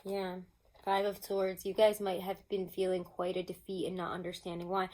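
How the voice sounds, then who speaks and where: A woman giving a casual tarot reading at home, chatty and expressive, laughing often and throwing in mock-exasperated asides. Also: fairly low pitch, moderate pace. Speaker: tarot reader.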